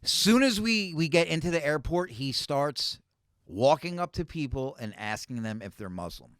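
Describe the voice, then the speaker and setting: A man from New City, a comedian telling animated, profane stories as a podcast guest. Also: fairly high pitch, moderate pace, no echo, clean studio sound. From New York City. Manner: animated, profane, full of "like" and "right?". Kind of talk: casual storytelling on a podcast.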